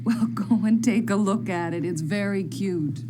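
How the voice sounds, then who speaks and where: An actress playing a gentle, doting mother in a TV series, speaking warmly. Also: mid-range voice, a little slow, background noise, natural voice. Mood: affectionate.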